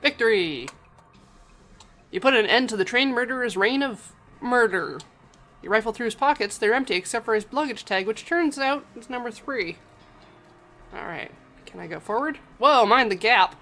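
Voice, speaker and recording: A woman's voice: medium pitch, a little fast, fairly bright tone. A woman streaming a game, reading its text aloud with wry, joking asides.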